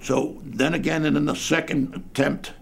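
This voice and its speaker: A man's voice: a little high, moderate pace, creaky, a little hiss or hum. An older man telling a colorful story about his boyhood during an interview, speaking from inside a dim church. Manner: colorful, lively anecdote telling.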